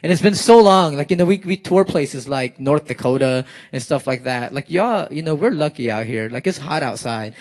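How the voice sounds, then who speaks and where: Young male spoken word poet, high voice, animated crowd-hyping host energy, loose filler-heavy banter. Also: moderate pace, few pauses. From South Florida.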